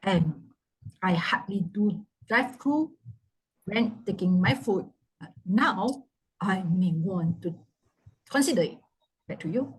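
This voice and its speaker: A woman's voice: mid-range voice, animated, slow pace, pauses often, breathy edge, low-quality recording. A woman speaking shyly over a video call.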